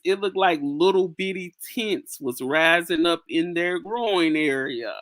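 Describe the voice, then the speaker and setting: A woman's voice: fairly low pitch, fairly bright tone, no echo, studio quality. A young woman hosts a casual livestream, chatting to viewers, reading their comments aloud and laughing often with slangy asides. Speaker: livestream host. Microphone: phone.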